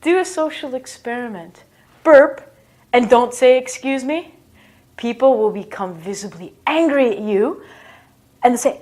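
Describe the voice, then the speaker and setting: A woman's voice: a little high, animated, measured pace, darkish tone. A woman giving a casual English lesson in a playful, self-mocking way, acting out bodily noises as she explains them. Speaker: English teacher.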